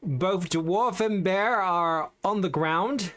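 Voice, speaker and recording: A game master running a tabletop session, relaxed and joking while making rulings. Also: medium pitch, takes it slowly, slight background noise.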